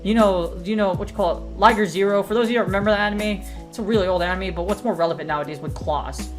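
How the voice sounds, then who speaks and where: A woman giving casual, excitable game commentary as a streamer, rambling off on tangents and full of slang. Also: mid-range voice, fast talker, faint music behind. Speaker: gaming streamer.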